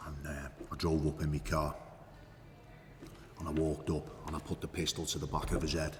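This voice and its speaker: An actor playing a boastful, crude hitman who tells his story with swagger, profanity and drawn-out emphasis, in an acting class monologue. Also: a bass voice, monotone, big-room sound, a little hiss or hum. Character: boastful crude male hitman telling war stories.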